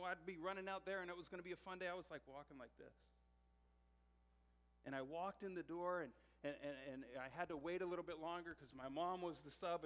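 Guy preaching in church, chatty storytelling, stumbles and repeats words, echoey sanctuary. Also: sits high. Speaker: pastor. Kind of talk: sermon. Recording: long hall reverb.

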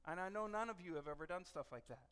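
A middle-aged male pastor preaching a sermon in a conversational, animated way, often restarting his sentences. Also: high voice, fast talker, smooth. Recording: long reverb of a church hall.

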